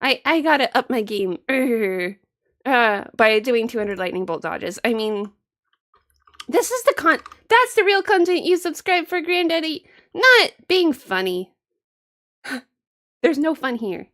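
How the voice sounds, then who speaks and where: A woman's voice: high-pitched, big pitch swings, unhurried, fairly bright tone. A woman streaming a game with casual chat, playful, giggly and self-mocking.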